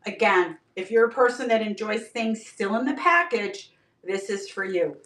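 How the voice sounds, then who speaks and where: Selling items on a live stream, this auction seller jokes around and welcomes viewers by name in a bubbly, talkative way. Her mid-range voice is expressive and fairly bright at a normal pace, captured from a distance in an echoey room.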